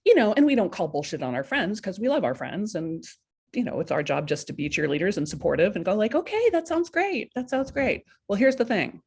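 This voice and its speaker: Woman, live coaching stream, husky and low-pitched, blunt and lively, acts out inner voices. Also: fast talker. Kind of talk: casual motivational talk. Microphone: webcam or laptop mic for a live stream.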